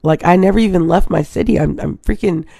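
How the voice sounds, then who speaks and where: A woman's voice: lowish voice, fast, gravelly, warm tone, no room sound, clean studio sound. A woman in her thirties from Hawaii, hosting a casual live stream and rambling to her viewers. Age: 30s. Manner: rambling, chatty, keeps addressing viewers.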